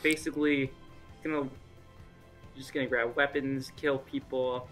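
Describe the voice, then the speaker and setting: A young man chatting casually about game predictions, excitable and rambling. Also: mid-range voice, a little slow, faint music behind. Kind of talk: casual gaming chat.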